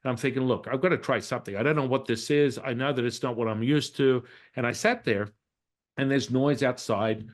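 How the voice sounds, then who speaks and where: A man's voice: medium pitch, fairly even intonation, a little fast. A man, a Taoist priest and healer, telling a reflective personal story in a casual interview and acting out the dialogue in it. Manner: reflective, acts out quoted dialogue in his story; frequent restarts and fillers.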